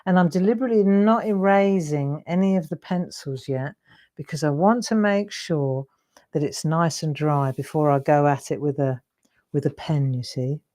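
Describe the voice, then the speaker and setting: A middle-aged woman, host and craft demonstrator, keeps up a casual, rambling chat while drawing live, frequently cutting herself off. Her mellow voice sits low and moves at a moderate pace.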